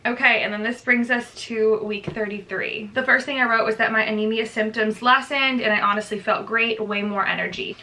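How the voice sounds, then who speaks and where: A young woman, pregnant, talks through her week-by-week notes in a loose, chatty vlog style with plenty of "like" fillers. Her voice is bright and forward. She sits a bit away from the microphone, so the sound is slightly distant. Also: mid-range voice. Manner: chatty, lots of "like", reading from notes. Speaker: vlogger. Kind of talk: casual pregnancy update vlog.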